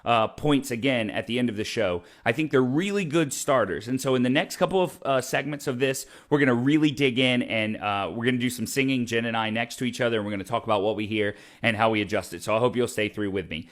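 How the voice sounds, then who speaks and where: Bright-voiced chatty male opera show host. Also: medium pitch, quick pace, few pauses. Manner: chatty and enthusiastic, many fillers and restarts. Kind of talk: casual direct-to-camera talk. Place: hot room at home. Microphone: camera mic with ring light.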